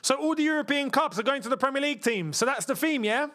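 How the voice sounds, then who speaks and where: A man's voice: very high voice, lively intonation, quick pace, bright, forceful tone. A man hosting a live football watchalong, chatting casually and joking with frequent laughter. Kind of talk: casual live match commentary.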